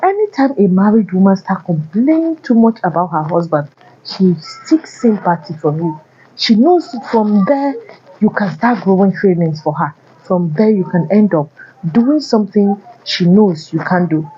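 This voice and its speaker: A woman's voice: medium pitch, animated, normal speed, warm tone, muffled recording, slight background noise. A woman vlogger giving blunt, repetitive relationship warnings addressed to men. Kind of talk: casual advice monologue.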